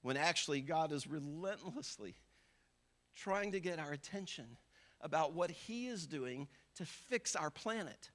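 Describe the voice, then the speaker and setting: Male pastor with a high voice, conversational sermon that acts out people's inner thoughts. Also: animated, unhurried, fairly bright tone. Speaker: visiting pastor.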